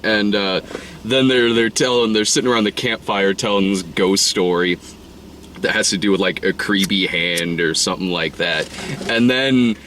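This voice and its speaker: A man's voice: a bit bright, slight background noise. Rambling, laughing man reviewing a movie. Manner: rambling, profane, laughs often, acts out lines in falsetto. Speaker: podcast co-host reviewing a movie. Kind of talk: casual chat.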